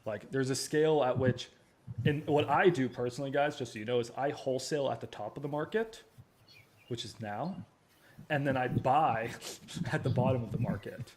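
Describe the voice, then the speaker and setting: A man hosting a casual training livestream from a home studio, talking loosely with slang and quick restarts. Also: medium pitch, slight background noise. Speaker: host of a real estate training livestream. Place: backup home studio at his father's house.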